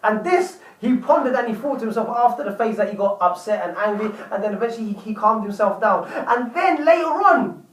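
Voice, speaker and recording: A man's voice: high-pitched, expressive, fairly quick. A man telling a story to his viewers in a casual vlog, chatty and repeating words as he goes. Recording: roomy, distant from mic.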